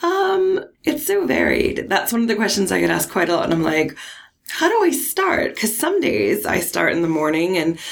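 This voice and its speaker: A woman marketing manager, hoarse from a cold, talking in a chatty interview and laughing often. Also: fairly low pitch, huge pitch swings, normal speed, few pauses. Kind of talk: casual interview.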